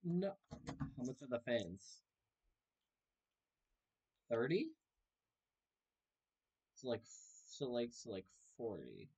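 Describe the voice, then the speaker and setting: Chatty young man with lively reactions. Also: medium pitch, slow pace, pauses often, slightly rough. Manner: chatty, joking, reacting aloud to the game. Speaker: gaming video host. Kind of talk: casual let's-play commentary.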